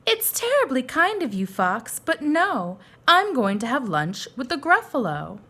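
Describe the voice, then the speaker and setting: A woman's voice: high voice, sing-song, measured pace, sharp tone, pitched above the performer's own voice, heavily acted. A woman doing a clever little mouse. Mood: polite. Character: small clever brown mouse, bluffing.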